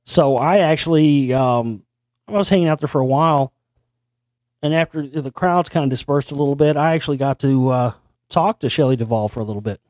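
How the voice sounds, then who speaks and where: A man's voice: mid-range voice, brisk, darkish tone, no room sound, studio quality. A male host telling a long story in a meandering, conspiratorial way, often restarting his sentences. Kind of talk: rambling storytelling monologue.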